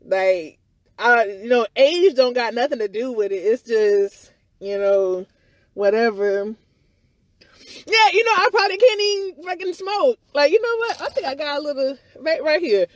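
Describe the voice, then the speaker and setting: Standing outside her house, a vlogger with a high, animated voice gives her side of a viral incident, speaking close into her phone at a moderate pace. Her livestream-style rant is candid, rambling and frustrated, peppered with "you know," "or whatever" and the occasional curse, in a dry recording with no room sound.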